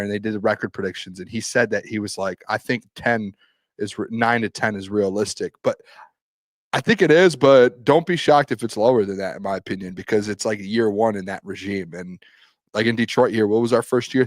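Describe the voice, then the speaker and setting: A man co-hosting a sports podcast, talking in animated, rambling asides. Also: fairly low pitch, a little fast, no room sound. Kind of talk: casual sports chat.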